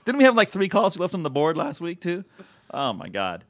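A man's voice: on the high side, wildly swooping pitch, a little fast. A man hosting a podcast in casual chat, joking and laughing often. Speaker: podcast host.

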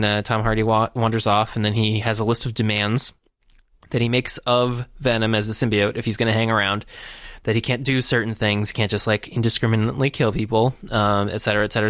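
Low-voiced man rambling through a recap. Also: a bit bright, clear, resonant tone, no room sound, studio quality. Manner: rambling, filler-heavy storytelling. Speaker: podcast co-host. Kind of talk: casual movie recap chat.

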